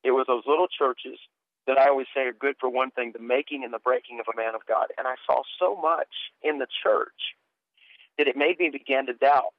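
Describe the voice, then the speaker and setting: Middle-aged preacher on a tinny phone line. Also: male voice, medium pitch, brisk, no echo. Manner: earnest, repeats words when starting sentences. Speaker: guest preacher. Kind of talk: personal testimony storytelling.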